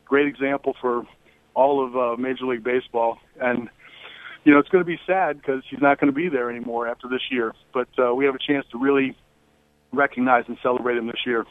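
A middle-aged man talking as a guest on a radio show over the phone, relaxed, with many fillers and restarts. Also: mid-range voice, brisk, no echo. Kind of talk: phone interview. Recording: tinny phone line.

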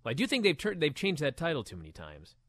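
A man co-hosting a casual wrestling talk show, reading listener comments aloud in an animated, mock-outraged way. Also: on the high side, fast talker, husky, dry recording.

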